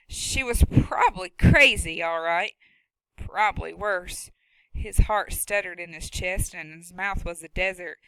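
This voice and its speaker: A woman's voice: lowish voice, a bit bright, no room sound, rough recording. A woman narrating a novel steadily and expressively, close to a studio mic. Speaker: audiobook narrator. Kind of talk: scripted narration.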